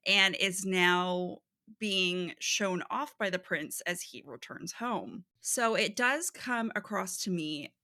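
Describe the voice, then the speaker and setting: A woman co-hosting a book podcast in casual chat, speaking in a measured, analytical way with agreeing murmurs. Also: on the low side, creaky, pushed and bright. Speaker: podcast co-host. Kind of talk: casual literary discussion.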